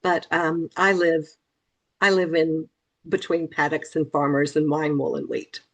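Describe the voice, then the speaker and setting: A woman's voice: deep voice, little pitch movement, measured pace. A middle-aged woman from Memphis, Tennessee, speaking as an author guest in an interview, earnest and emphatic, repeating phrases for stress. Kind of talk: interview conversation.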